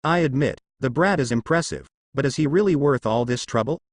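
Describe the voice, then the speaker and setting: A man's voice: mid-range voice, fairly quick, no echo, clean studio sound, natural voice. A man voicing a greedy, blunt male bounty hunter with a practical manner in a fan-fiction audio story.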